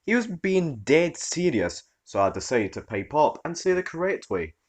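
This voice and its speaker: A man reading a story aloud as its narrator, in an expressive storytelling manner. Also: on the high side, normal speed. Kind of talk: scripted narration.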